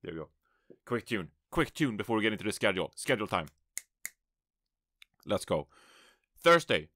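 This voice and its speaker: A man's voice: on the low side, big pitch swings, moderate pace, pushed and bright. A man hosting a solo esports podcast from his apartment, upbeat and rambling, amused at his own jokes. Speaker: podcast host and esports analyst.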